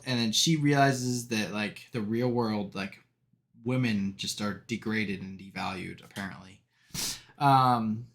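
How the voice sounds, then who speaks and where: A man's voice: medium pitch, fairly bright tone. A young man co-hosting a podcast, talking through a movie in a rambling, casual way with lots of fillers and laughs. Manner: rambling, many fillers, laughs while recounting jokes. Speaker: podcast co-host. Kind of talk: casual movie review chat.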